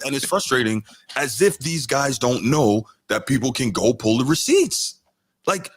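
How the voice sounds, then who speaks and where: Podcast host, male, low voice, casual reaction commentary, animated, climbs into excited highs. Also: normal speed, husky, dry recording. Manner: animated and exasperated, voice rising sharply when ranting.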